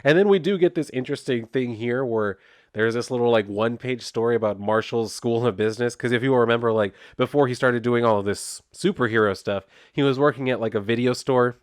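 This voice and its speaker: A man's voice: medium pitch, fairly quick, clean tone, dry recording, clean studio sound. A man casually reviewing a comic book, retelling it in a loose, chatty way with lots of "like". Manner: chatty, laid-back, heavy use of "like", loose retelling.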